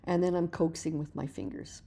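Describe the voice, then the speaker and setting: A middle-aged woman teaching mixed-media painting in a relaxed, chatty voice-over, explaining each step as she works and often restarting her words. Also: low-pitched, normal speed, creaky. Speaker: art teacher.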